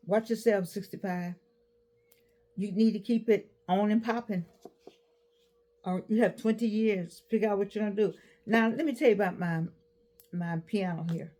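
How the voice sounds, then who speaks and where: A woman in her eighties talking casually to camera, giving advice with animated repeats and restarts. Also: medium pitch, normal speed, long pauses. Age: 80s. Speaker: vlogger.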